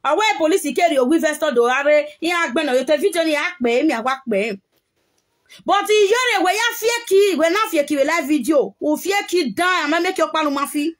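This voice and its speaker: High-voiced Nigerian woman ranting. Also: lively intonation, brisk. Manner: heated, scolding, mixing pidgin and local language. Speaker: live video host. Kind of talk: ranting live video.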